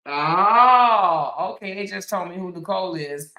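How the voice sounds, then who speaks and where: A woman's voice: fairly low pitch, quick pace. Sassy woman, echoey room. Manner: sassy, mocking, laughs often. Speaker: host. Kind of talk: casual commentary reading viewer comments.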